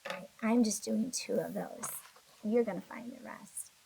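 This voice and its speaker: A woman's voice: medium pitch, a little slow, gravelly, warm tone, a little hiss or hum, rough recording. A woman teacher recording a video lesson for young children, patient and encouraging, a little sleepy and yawning. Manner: patient, encouraging, talks to kids directly.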